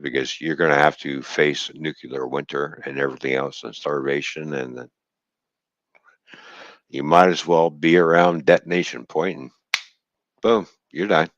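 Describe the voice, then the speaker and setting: A man's voice: rumbling low, fairly even intonation, normal speed, dry recording, highs cut off. A man hosting a livestream, ranting in a heated, bitter and profane way. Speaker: livestream host. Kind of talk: angry livestream rant.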